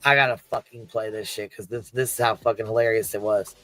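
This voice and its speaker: A man's voice: fairly low pitch, fairly even intonation, brisk, pushed and bright. A man streaming live, retelling a funny clip in casual, profane chat and laughing as he goes. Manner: laughing, swearing storyteller. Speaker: streamer reacting to clips.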